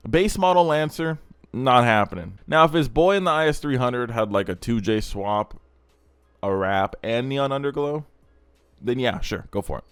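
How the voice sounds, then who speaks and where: A man's voice: medium pitch, dry recording. A young man hosting a car channel, giving blunt, crude, rambling casual commentary.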